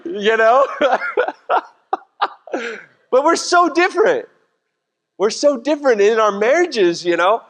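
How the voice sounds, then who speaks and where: A man's voice: extremely high pitch, lively intonation, slow pace, pauses often, a bit bright. A middle-aged man, preaching a sermon in a casual, joking, conversational way. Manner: conversational, jokey preaching with voiced asides. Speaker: pastor. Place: church sanctuary. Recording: church hall reverb.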